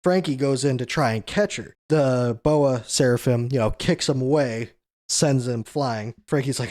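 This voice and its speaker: A man at an ordinary mid pitch talks through a comic chapter in easygoing conversation. He leans on "you know" and briefly imitates the characters' lines. His voice sounds dry and close, with no room around it. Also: unhurried, a little mellow, no echo. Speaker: manga discussion show host. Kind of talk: casual chapter recap.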